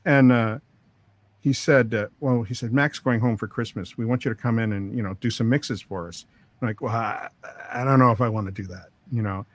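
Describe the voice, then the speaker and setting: Brief: middle-aged male producer, anecdotal, dry mic, mid-pitched. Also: fairly even intonation, brisk, dry recording. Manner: rambling anecdotes with quoted dialogue and laughs. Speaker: record producer, interview guest. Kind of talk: storytelling interview.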